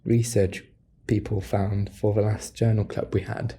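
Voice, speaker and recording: A man co-hosting a student podcast in casual chat, relaxed and quick to laugh, with hesitant fillers when he explains research. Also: on the low side, slight background noise. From half French. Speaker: podcast co-host.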